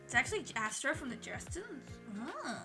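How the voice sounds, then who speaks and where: A young woman streamer chatting casually with her viewers while drawing, excitable and chatty, swearing freely. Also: fairly high pitch, normal speed, over music.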